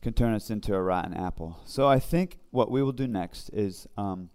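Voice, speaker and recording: A man leading an informal Bible study, talking in a conversational, halting way with many fillers and restarts. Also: on the low side, a little mellow, clear, resonant tone. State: briefly emotional. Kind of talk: informal devotional teaching.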